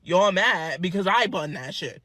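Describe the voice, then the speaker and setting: A woman telling a story in a crude, animated way, swearing freely. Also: on the low side, unhurried, no echo, studio quality. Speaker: vlogger. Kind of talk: casual storytelling.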